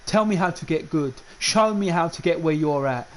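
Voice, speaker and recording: A man's voice: on the high side, normal speed. A man, a gaming streamer, ranting in a heated, repetitive way and stumbling over his restarts. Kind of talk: unscripted ranting monologue.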